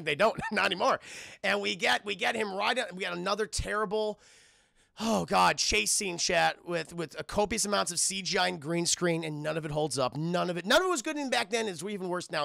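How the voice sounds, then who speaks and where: Excitable, gravelly streamer man. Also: sits high, dry recording, clean studio sound. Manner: profane, excitable, laughing, addresses chat. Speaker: streamer and film reviewer. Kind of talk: live-streamed spoiler film review.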